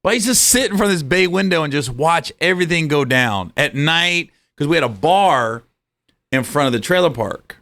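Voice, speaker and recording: A man's voice: a little high, expressive, moderate pace, fairly bright tone. A man, a comedian guest, telling comic stories in conversation and laughing through them.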